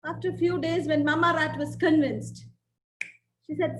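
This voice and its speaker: A woman lecturer giving a webinar, telling a story and speaking in a deliberate, emphatic way. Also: high-pitched, fairly even intonation. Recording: echoey room with faint noise.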